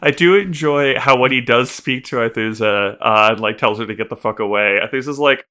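A man chatting casually as a podcast co-host, his voice bright and forceful at a middling pitch. He rambles and swears, stopping and restarting his sentences. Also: animated, brisk. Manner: rambling, profane, many restarts and fillers. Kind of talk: casual recap chat.

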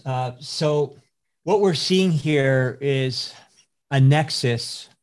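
A man's voice: medium pitch, darkish tone. A man hosting an interview, hesitant and agreeable as he asks questions. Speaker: interview host. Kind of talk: interview talk.

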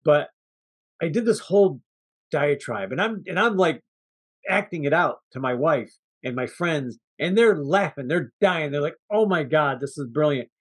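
Podcast co-host, male, higher-pitched, lively anecdote teller, laughs a lot. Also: moderate pace, breathy edge. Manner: animated storyteller, laughs often, acts out quotes. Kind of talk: casual chat.

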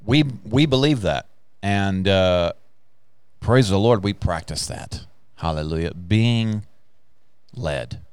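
A man's voice: sits low, lively intonation, slow, smooth, no echo. A man hosting a faith podcast, talking emphatically in a preacher-like way, with frequent hallelujahs. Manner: emphatic, exclaims hallelujah and praise the Lord. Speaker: podcast host.

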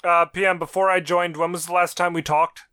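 A man's voice: high voice, little pitch movement, a little fast, sharp tone, clean tone. A man co-hosting a podcast, chatting in a playful, teasing way. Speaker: podcast co-host. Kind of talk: casual banter.

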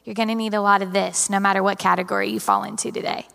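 A young woman preaching a sermon in a large church, telling stories with animated, dramatic delivery. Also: medium pitch, quick pace, creaky, smooth. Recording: long hall reverb.

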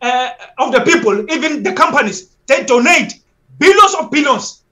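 High, bright-voiced man, urgent. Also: animated, moderate pace. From South Africa. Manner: urgent and repetitive, restarting phrases, pleading tone. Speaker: activist guest. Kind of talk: impassioned interview on a live stream.

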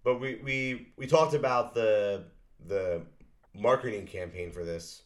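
Deep-voiced man rambling about films. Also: a little slow. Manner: rambling, hesitant, with many fillers. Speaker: podcast co-host. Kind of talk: casual movie chat.

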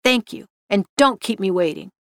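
A woman's voice: mid-range voice, lively intonation, moderate pace, dry recording, clean studio sound, natural voice. A woman reading the part of a bossy, impatient male office manager who gives curt demands. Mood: irritated.

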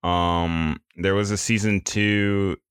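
A man's voice: deep voice, steady tone, slow, a bit bright, clean tone, no room sound. A young adult man co-hosting a podcast, joking dryly and rambling through casual chat. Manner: dry joking, rambling explanations. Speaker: podcast co-host.

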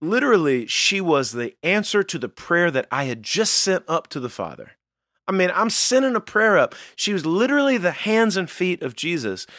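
Brief: earnest male podcast co-host, animated pitch, dry close sound. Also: normal speed, dry recording. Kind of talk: casual faith podcast chat.

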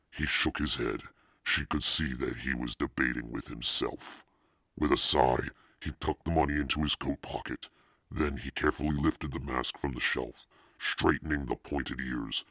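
A man narrates an audiobook in a very deep voice with a gravelly fry. His tone is bright and a little husky. The sound is dry and close. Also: no echo. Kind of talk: scripted narration.

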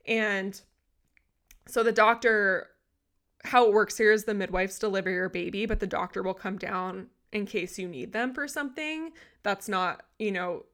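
Speaking at a moderate pace in a mid-range voice, the young woman hosting this podcast relates something personal. The monologue is casual and animated, candid throughout, with plenty of swearing.

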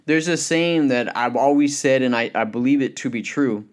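A man's voice: mid-range voice, normal speed. A man giving a motivational Christian talk, earnest and conversational, with many "you know" fillers and anecdotes. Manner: tells anecdotes with lively acted quotes. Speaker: speaker.

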